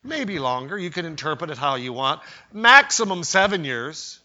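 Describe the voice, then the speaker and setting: A man's voice: fairly high pitch, very animated, moderate pace. Emphatic male preacher, lo-fi recording. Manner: emphatic, rising to loud cries on quoted pleas. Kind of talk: sermon. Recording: dull lo-fi sermon recording.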